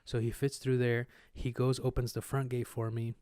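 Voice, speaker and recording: A young man tells a story in a loose, slangy way, swearing freely and acting out noises and voices as he goes. His voice sits at an ordinary middle pitch. The sound is dry and close, as if recorded on a podcast microphone. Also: normal speed, clean tone, no echo. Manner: animated, slangy and profane, acts out sounds and voices. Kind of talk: casual storytelling chat.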